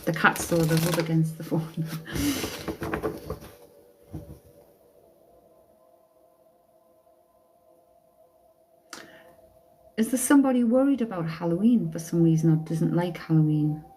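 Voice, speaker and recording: Slow, mellow woman medium. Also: lowish voice, a little hiss or hum, low-quality recording. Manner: chatty, blunt, swears casually. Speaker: psychic medium. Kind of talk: casual live-stream tarot reading.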